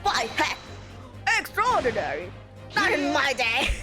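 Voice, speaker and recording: A pompous old male judge who barks and exclaims, as a woman acts him out, pitched high and loud. Game music runs under the voice. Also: big pitch swings, unhurried, full character voice. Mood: indignant.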